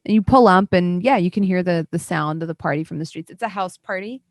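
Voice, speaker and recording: A woman narrating a tabletop role-playing game as game master, in a loose, halting way with fillers and sarcastic asides. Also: lowish voice, dry recording, clean studio sound.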